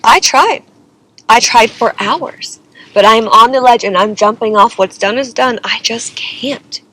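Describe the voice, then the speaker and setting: A woman's voice: on the high side, a little slow, a bit bright, a little hiss or hum, low-quality recording. A young woman singer telling a personal story in a dramatic, exasperated way, often saying "like" and "okay?". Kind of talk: confessional storytelling vlog.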